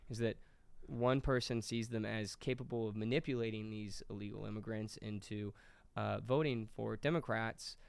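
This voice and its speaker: A man's voice: on the low side, steady tone, normal speed, creaky, hardly any pauses, smooth, no echo. A man hosting a casual political podcast, rambling and joking as he reads news headlines aloud on a close mic. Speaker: podcast host.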